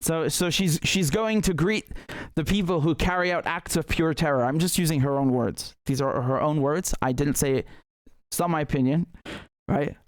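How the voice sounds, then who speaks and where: A man's voice: a little high, normal speed, no echo. A man hosting a live political commentary show who talks in a heated, indignant way, often repeating words and restarting sentences.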